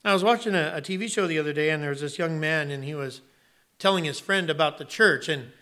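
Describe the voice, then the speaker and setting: Bright-voiced, emphatic male pastor preaching. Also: a little high, fast talker. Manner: emphatic, swinging from loud exclamations to quiet earnest tones. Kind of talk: sermon.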